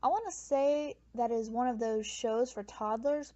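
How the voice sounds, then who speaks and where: A woman's voice: a little high, measured pace, mellow. Wry woman reviewing cartoons. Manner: wry, sarcastic asides. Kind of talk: comedic review commentary. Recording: dull lo-fi mic with faint hiss.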